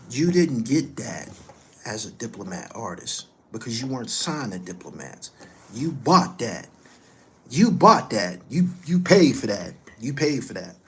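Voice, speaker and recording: Middle-aged man, angry profane rant, repetitive scolding, loud then quiet. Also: mid-range voice, slight background noise. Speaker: commentary host. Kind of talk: heated direct-to-camera rant.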